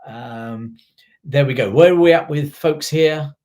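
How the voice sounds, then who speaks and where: A man's voice: a little high, a little slow, darkish tone. A middle-aged man brought up in South Africa, hosting a history channel in a casual, rambling live chat, full of digressions and fillers.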